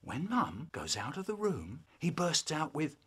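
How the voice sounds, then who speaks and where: A man telling children's stories, spliced into a comedy remix, with animated delivery, sudden shouts and silly voices. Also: fairly high pitch, a little slow, slightly rough. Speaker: children's poet reading stories.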